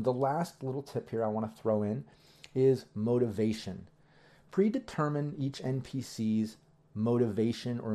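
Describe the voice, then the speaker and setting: A man who runs tabletop games, giving casual advice in a rambling, relaxed way full of ums and you-knows. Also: medium pitch. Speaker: game master giving tips. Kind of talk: casual instructional talk.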